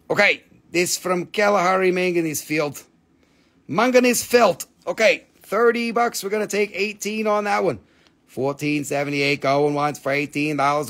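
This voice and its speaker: A man hosting a live online sale, chatting casually in a playful, goofy, joking way. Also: fairly high pitch. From Appalachian region of the United States. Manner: playful, goofy, jokey wordplay. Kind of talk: casual live auction chat.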